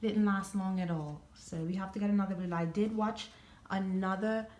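A woman's voice: medium pitch, fairly even intonation, moderate pace, a little mellow. A woman talking casually at home, explaining things step by step with many ums and restarts. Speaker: vlogger and pet owner.

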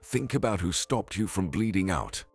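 A man's voice: low-pitched, sing-song, normal speed, husky, soft background music, heavily acted. A man narrating as a cold, threatening husband. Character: ruthless scheming husband, man, middle-aged.

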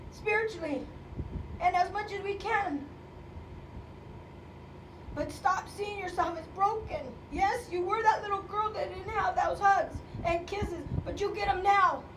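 High-voiced woman pastor preaching. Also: fairly bright tone, recorded from a distance, a little hiss or hum. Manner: impassioned, rising to fervent calls, voice breaking with emotion. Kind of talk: sermon. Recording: echoey room, speaker away from mic, faint ambience.

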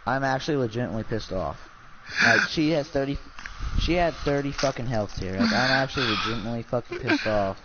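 A man's voice: mid-range voice, lively intonation, fast talker, over a noisy crowd. A young man gaming with a friend, swearing and ranting in exasperated, profane banter. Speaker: gamer. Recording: dull lo-fi with faint noise.

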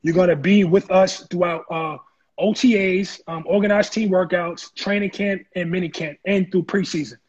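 A man telling his story in an interview, animated and acting out the voices of people he quotes. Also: high-pitched, moderate pace, breathy edge, dull audio. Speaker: interview guest, former football player. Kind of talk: casual storytelling.

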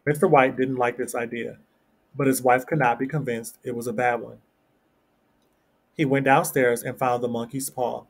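A man narrating a classic story aloud in a steady, plain reading voice. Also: medium pitch, normal speed, husky. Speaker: story reader.

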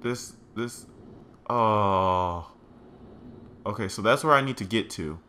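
A man's voice: fairly low pitch, slow, sharp tone, slight background noise. A man giving let's play commentary, thinking aloud to his viewers as "guys" and crying out in alarm at what he finds. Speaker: gaming channel host.

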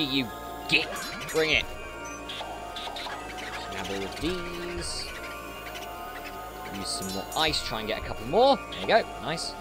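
A man doing let's play commentary, excitable and jokey, talking back at the game. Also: mid-range voice, unhurried, long pauses, over music.

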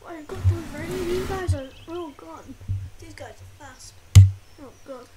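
A woman's voice: extremely high pitch, normal speed. A woman playing a video game role-play, talking casually and exclaiming often with squeamish oh and ugh sounds. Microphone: desk mic. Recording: loud background noise.

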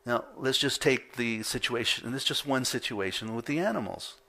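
Animated man preaching, bright voice. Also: medium pitch, brisk. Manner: animated storytelling, acting out his own reactions with laughs. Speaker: pastor. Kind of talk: sermon with personal stories. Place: church.

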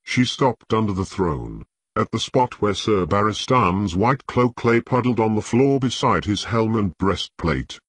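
Slow husky male audiobook narrator. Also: fairly low pitch, lively intonation, fairly bright tone, dry recording. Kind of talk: scripted narration of a fantasy novel.

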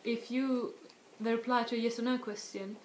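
A woman's voice: fairly high pitch, level tone, darkish tone. Woman teaching in an echoey room. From Sweden. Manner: explains slowly with many restarts and spoken example words. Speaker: language tutor. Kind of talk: casual video lesson. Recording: echoey room with faint noise.

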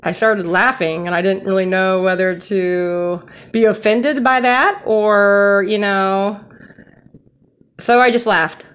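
A woman's voice: mid-range voice, slow, fairly bright tone, clean tone. Rambling young woman telling stories. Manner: rambling, many fillers and restarts. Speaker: storyteller. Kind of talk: casual true-story vlog.

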